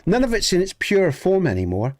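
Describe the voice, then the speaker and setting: This Dorset man from Southwest England has a high-pitched, darkish voice with huge pitch swings and a brisk pace. During his game livestream he chats earnestly and ramblingly with viewers, often starting over and swearing mildly.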